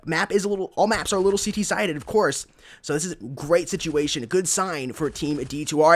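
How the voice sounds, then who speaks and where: A young American man casting a live shooter match, getting louder on big plays and chatting between rounds to thank donors. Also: high voice, fairly quick. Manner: excitable, rising to shouts on big plays. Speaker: esports caster. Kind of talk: live game commentary.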